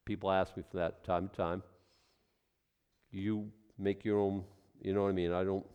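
A man's voice: sits low, little pitch movement, moderate pace, smooth, lo-fi sound. A male pastor preaching a sermon in a loose, conversational way, drifting into asides and acted-out scenes.

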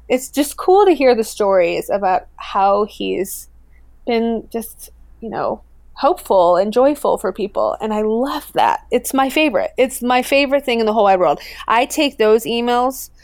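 A woman's voice: a little high, lively intonation, normal speed, dry recording, clean studio sound. A woman being interviewed about her popular dog account, talking earnestly and enthusiastically with lots of fillers and restarts. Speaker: guest, owner of a popular pet account. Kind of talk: casual interview conversation.

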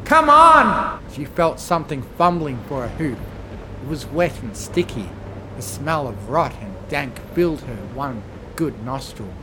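A man reading a horror fan fiction story aloud with measured, dramatic storytelling. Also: medium pitch, noisy background.

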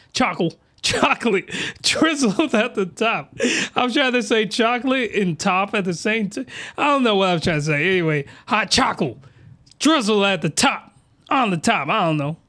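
A man's voice: high voice, lively intonation, moderate pace, bright, forceful tone. A man giving a crude, rambling comic review, full of fillers and asides. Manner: rambling, rough-edged, with many fillers. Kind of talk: crude comedic commentary.

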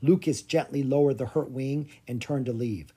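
A narrator reading a children's fantasy chapter book aloud with an expressive delivery. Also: medium pitch, moderate pace, slightly rough. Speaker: audiobook narrator. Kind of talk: storybook narration.

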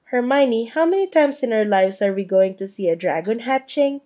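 A woman's voice: on the high side, animated, moderate pace, dark tone, natural voice. A woman reading the part of an impatient young schoolboy who pleads his case. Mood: pleading.

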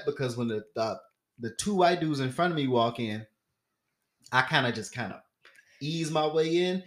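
A young man holds the floor on a casual podcast, telling a story in a relaxed, mid-pitched voice. He slips into the other people's voices as he tells it, and his laughter breaks through again and again. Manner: animated, acts out quoted voices, laughs often. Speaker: podcast co-host.

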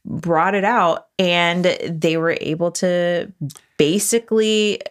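A woman's voice: fairly low pitch, steady tone, takes it slowly. A woman co-hosting a podcast, explaining a science topic in casual chat. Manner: explains facts, many fillers and restarts. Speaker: podcast co-host.

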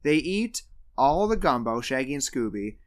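A man co-hosting a casual podcast, recapping a cartoon movie and acting out the characters' lines with lively energy. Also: medium pitch, normal speed. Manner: animated, acts out characters' lines while retelling. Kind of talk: casual chat.

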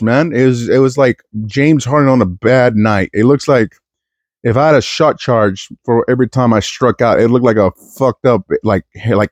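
Into his podcast mic, a young man from East Texas riffs in a crude, self-deprecating comedic ramble marked by stumbling restarts. He has a medium-pitched voice with a darkish tone and no room sound.

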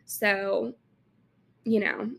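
Young Southern woman with gravelly fry. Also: mid-range voice, little pitch movement, extremely slow. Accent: Southern US, Alabama. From Alabama, US. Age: young adult. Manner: chatty, lots of "like" fillers. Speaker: intern vlogger. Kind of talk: casual chat to camera.

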